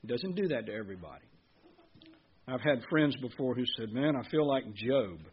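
A man's voice: medium pitch, expressive, normal speed, husky, highs cut off. Conversational preacher man. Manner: conversational, asks the congregation questions. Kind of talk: sermon.

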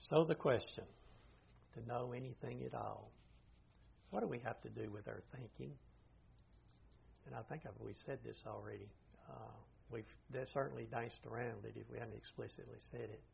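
A man's voice: mid-range voice, moderate pace, gravelly, slight background noise. An older man teaching an informal Bible study class, plain-spoken and thinking aloud as he goes. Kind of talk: informal lecture to a group. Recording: dull lo-fi recording.

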